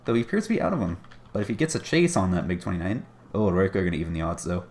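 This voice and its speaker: A man's voice: low-pitched, sing-song, racing, darkish tone. A man casting a strategy game match with chatty, wry commentary and self-deprecating asides. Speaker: game caster.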